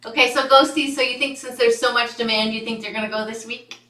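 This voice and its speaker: A woman's voice: a little high, fairly even intonation, fast talker, bright, forceful tone. A woman chatting casually about foster kittens, chatty and affectionate, often giggling. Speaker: kitten foster parent filming a cam video. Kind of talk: casual chat. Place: indoor room with foster kittens. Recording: roomy room, far from the mic.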